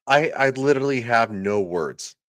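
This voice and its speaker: A man's voice: medium pitch, lively intonation, moderate pace, no room sound, clean studio sound. A man hosting a livestream, ranting sarcastically and crudely, often reading out viewers' chat comments. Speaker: livestream host.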